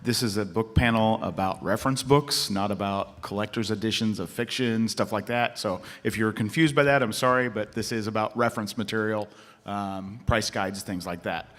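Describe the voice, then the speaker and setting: A man's voice: on the low side, moderate pace, a bit bright. A man presenting to a panel audience in a casual, explanatory way, with many ums. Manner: filler-heavy, casual, explanatory. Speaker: panel speaker. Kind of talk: convention panel talk. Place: convention panel room. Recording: long hall reverb.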